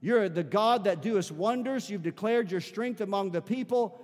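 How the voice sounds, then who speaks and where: A pastor with a notably high voice delivers a sermon, moving between scripture reading and fervent, rising prayer. His voice rings out with a long reverb from a large church hall. He pushes toward shouted appeals as he preaches. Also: moderate pace. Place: church sanctuary.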